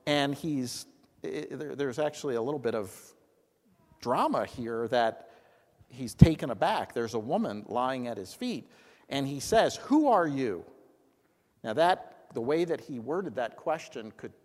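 Man teaching scripture in a reverberant hall. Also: medium pitch. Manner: animated storytelling, acts out lines. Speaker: Bible study teacher. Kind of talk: teaching discussion.

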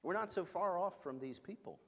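A middle-aged male pastor delivering an emphatic, storytelling sermon. His pitch sits on the high side and rises and falls widely. A long reverb from a large hall hangs on his words. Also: lively intonation, moderate pace, creaky.

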